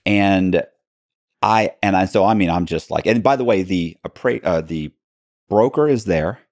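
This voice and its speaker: Man, low voice, interview guest, storytelling, quoted dialogue, restarts, dry recording. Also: measured pace, darkish tone, no echo.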